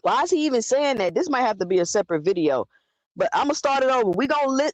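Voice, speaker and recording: A woman's voice: fairly high pitch, sing-song, fast, no room sound. A woman hosting a live stream who talks bluntly and argues straight at her chat. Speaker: livestream host. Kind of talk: live commentary talking to chat.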